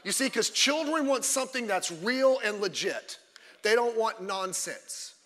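A man preaching a sermon as a pastor, emphatic and fiery, often breaking off into quick asides. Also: high-pitched, lively intonation, a bit bright, long reverb tail.

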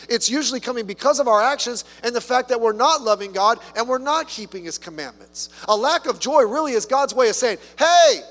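A man's voice: very high-pitched, fairly bright tone. A man preaching a sermon in a conversational way, with rhetorical questions and humorous asides. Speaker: pastor. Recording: long reverb from a hall.

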